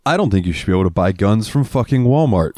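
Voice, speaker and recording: Low-voiced profane man, laid-back podcast talk. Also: fast, dry recording, clean studio sound. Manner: profane, animated, laughs easily. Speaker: podcast co-host. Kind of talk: casual chat, retelling a comedy bit.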